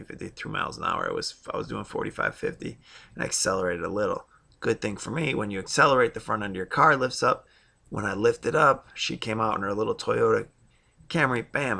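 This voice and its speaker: A man's voice: on the low side, vocal fry, pushed and bright. A man in his thirties talking in a rambling, blunt way, recounting his own experiences in a casual monologue. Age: 30s. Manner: rambling and blunt, with frequent fillers and asides. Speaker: vlogger.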